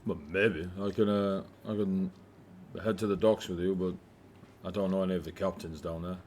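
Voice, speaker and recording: A man's voice: sits low, fairly even intonation, normal speed, darkish tone, slight background noise, natural voice. A man voicing a blunt dwarf warrior. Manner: blunt, hesitant, with filler words. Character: gruff middle-aged male dwarf warrior.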